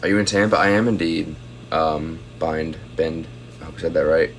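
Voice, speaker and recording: A man's voice: low voice, very fast, slight background noise. A young man chatting casually on a phone livestream at home, reading out viewer comments and thanking them for gifts.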